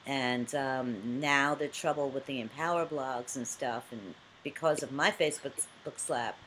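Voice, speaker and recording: A woman's voice: very deep voice, moderate pace, fairly bright tone, slight background noise. A woman hosting a casual chat over a video call, talking freely with frequent restarts and laughter. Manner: chatty, laughs often, many restarts. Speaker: host.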